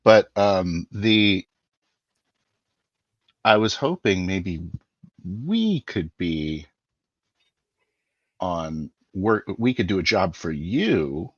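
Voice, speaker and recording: Deep-voiced man haggling in character. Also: very animated, very slow, long pauses, no room sound, highs cut off. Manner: persuasive, haggling, with fillers. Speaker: player. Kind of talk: in-character tabletop role-play.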